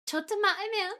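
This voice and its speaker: Bright, playful woman streamer. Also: sits high. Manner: playful, giggly, drifts into Japanese phrases. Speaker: livestreamer. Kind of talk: casual chat with viewers.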